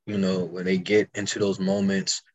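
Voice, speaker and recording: A young man co-hosting a podcast, telling stories in casual chat with fast bursts and frequent restarts. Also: low-pitched, monotone, lo-fi sound. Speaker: podcast co-host.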